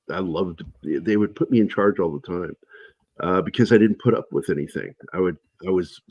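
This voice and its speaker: A middle-aged man telling animated stories in a casual livestream chat, his voice husky and low. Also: dry recording. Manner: animated anecdotes, shouting in quoted lines. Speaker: guest.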